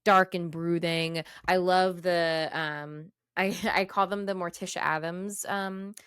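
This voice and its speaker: Talk loosely and laugh often as a woman chatting on a podcast. Let the words tumble out with plenty of ums and likes. Keep the tone a little low and very smooth and clear, close and dry on the mic. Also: steady tone, slow, a bit bright, no echo. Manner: rambling and giggly, many fillers. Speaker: podcast co-host. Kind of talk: casual chat.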